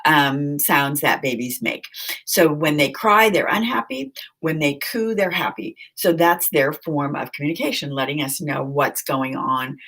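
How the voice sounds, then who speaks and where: A woman's voice: deep voice, a little slow, a bit bright. A woman giving a conversational recorded lecture, asking the listeners questions and repeating key points.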